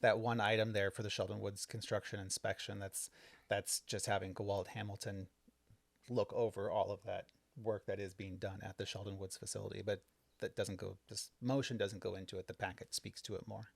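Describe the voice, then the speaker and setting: A young adult man co-hosting a casual home podcast, explaining village board business in a relaxed way with frequent ums and restarts. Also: on the low side, brisk, creaky, dry recording. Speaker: village trustee and podcast co-host. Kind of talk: casual podcast chat recapping a board meeting.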